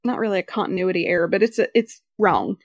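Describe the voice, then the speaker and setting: A woman's voice: on the low side, lively intonation, fast, dry recording, studio quality. A woman co-hosting a casual podcast, chatty and picky about details, reading summaries aloud. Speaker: podcast co-host. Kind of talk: casual chat.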